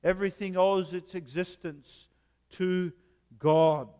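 A man preaching a sermon as a pastor, measured, with emphatic repetition. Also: high-pitched, steady tone, warm tone, smooth, big-room sound, muffled recording.

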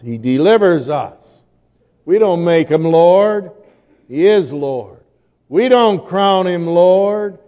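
A man preaching a sermon, slow and emphatic, building to forceful declarations. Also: mid-range voice, long reverb tail.

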